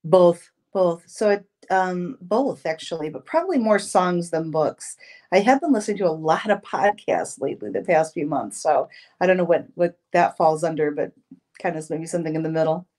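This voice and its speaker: A woman's voice: fairly low pitch, normal speed. Woman in her fifties telling stories. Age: 50s. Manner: storytelling, expressive, with restarts. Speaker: podcast guest. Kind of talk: casual interview chat.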